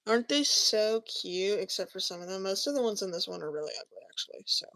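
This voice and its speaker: Young woman, casual crafting vlogger, gravelly fry, dry close mic. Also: mid-range voice, expressive, quick pace, fairly bright tone, no room sound. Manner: chatty, self-talking, often drops to a mumble. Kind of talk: casual chat while crafting.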